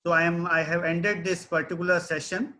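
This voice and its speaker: High, bright-voiced man giving a lecture. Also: level tone, brisk. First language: not English. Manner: explanatory, frequent tag questions. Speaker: webinar lecturer. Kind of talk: online technical lecture.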